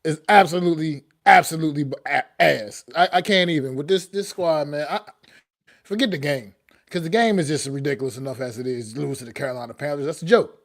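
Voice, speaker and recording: A man's voice: on the high side, fairly quick. A man co-hosting a sports podcast, talking slangy and disgusted, dropping "bro" and "man.". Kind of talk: casual sports talk.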